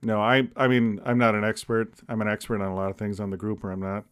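A man co-hosting a podcast, cracking deadpan jokes in casual rambling chat. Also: on the low side, quick pace, smooth. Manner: deadpan jokey, rambling with restarts. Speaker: podcast co-host.

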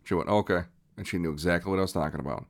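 A man co-hosting a podcast, telling quick offhand stories and swearing casually. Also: sits low, steady tone. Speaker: podcast co-host. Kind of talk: casual comedic chat.

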